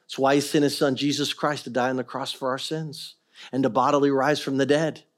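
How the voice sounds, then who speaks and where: A middle-aged man preaching a sermon as pastor, swinging between quiet earnest stretches and loud, impassioned ones. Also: medium pitch, level tone, brisk.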